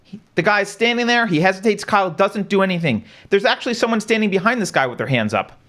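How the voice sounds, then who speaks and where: A man hosting a talk show, speaking in a fairly high voice that swings widely in pitch. He lays out a chain of events step by step, poses rhetorical questions to his co-host and keeps checking in with a casual "right?". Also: lively intonation, quick pace, a bit bright. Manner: casual, conversational, says "right?" often. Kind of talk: live-stream commentary.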